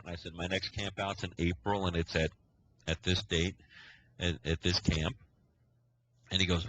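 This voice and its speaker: A man's voice: sits low, fairly even intonation, normal speed, a bit bright, a little hiss or hum, poor audio. A man, a scoutmaster, telling a long story on a casual podcast, acting out the quoted dialogue as he goes. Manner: rambling storyteller who acts out quoted dialogue.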